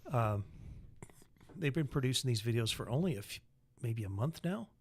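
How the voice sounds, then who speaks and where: Man, podcast co-host, matter-of-fact explainer, mid-pitched voice. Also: lively intonation, moderate pace, breathy edge. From Utah, United States. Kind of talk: casual political chat.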